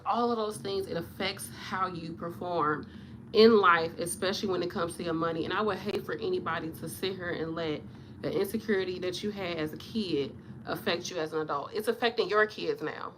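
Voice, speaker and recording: Blunt, animated woman vlogging to camera. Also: brisk, background noise. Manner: blunt, animated, swears and laughs, acts out patients in higher voices. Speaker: nurse vlogger. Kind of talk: casual, rambling to-camera talk. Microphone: camera mic.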